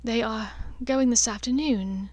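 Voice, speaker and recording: A woman voicing a worried, earnest young witch in a soft voice. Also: fairly high pitch, a little slow, no room sound, lo-fi sound.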